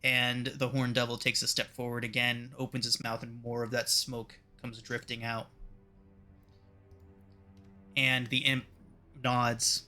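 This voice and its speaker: A male game master narrating a tabletop role-playing session. He describes the scene in a measured, unhurried way. His voice is bright and ringing at a middle pitch. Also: completely flat delivery, faint music behind.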